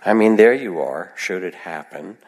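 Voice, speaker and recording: A man giving a gentle, reflective meditation talk to a live audience, with soft asides in other voices. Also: deep voice, expressive, moderate pace, big-room sound. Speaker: meditation teacher. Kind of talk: dharma talk.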